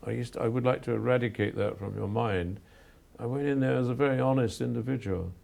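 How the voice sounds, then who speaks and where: An older man from England, a photographer, giving earnest, measured answers in an interview, often restarting his sentences. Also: mid-range voice, fairly even intonation, vocal fry, darkish tone. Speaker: photographer guest.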